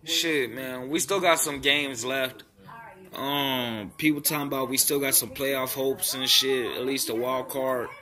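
A man's voice: medium pitch, fairly even intonation, unhurried, bright, forceful tone. A man ranting angrily about his football team, cursing constantly and repeating himself. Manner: profane and heated, repeats himself. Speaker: sports fan vlogger. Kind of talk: angry fan rant.

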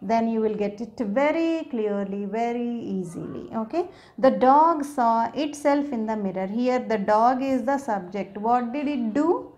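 A woman's voice: fairly high pitch, animated, unhurried, a little mellow, lo-fi sound. A woman explaining grammar to viewers, patiently checking in with "okay?" as she goes. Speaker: English teacher.

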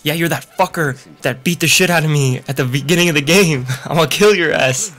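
A man's voice: on the high side, a little fast, a bit bright. Profane young man rambling over gameplay. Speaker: let's play gamer. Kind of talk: casual gameplay commentary.

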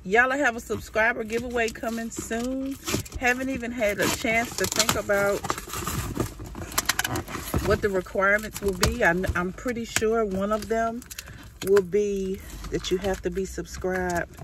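A woman chatting excitedly in a casual vlog, saying "y'all" a lot. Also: mid-range voice, a little slow. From Georgia, US. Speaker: vlogger. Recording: noisy background.

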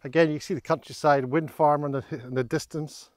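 A fairly high-voiced man talking his way through a country walk, rambling and self-deprecating as he goes. He sounds a little out of breath on the inclines, speaking into a camera mic outdoors, and the sound is dry and close. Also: steady tone, brisk, dry recording. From Scotland. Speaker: vlogger on a countryside hike. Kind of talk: casual walking vlog narration. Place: outdoors in open countryside, fields and hills.

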